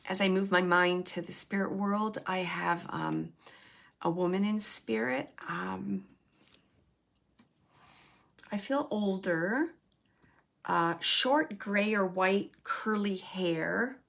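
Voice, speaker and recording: An earnest woman medium gives live readings, talking straight to the person she reads for. She repeats her phrases for emphasis, and her voice sits at an everyday middle pitch. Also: slow pace, vocal fry, long pauses, a bit bright. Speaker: psychic medium and show host.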